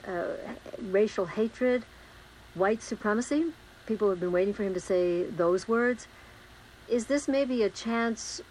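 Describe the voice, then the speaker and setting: A woman's voice: medium pitch, a little hiss or hum, low-quality recording. A woman anchoring a live news interview, asking probing questions with some fillers.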